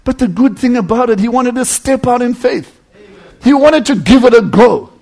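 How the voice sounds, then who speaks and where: High-voiced man preaching, loud to hushed. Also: lively intonation, normal speed, gravelly. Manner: swings from loud emphatic preaching to hushed near-whisper; addresses listeners as friends, earnest and pleading. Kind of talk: sermon.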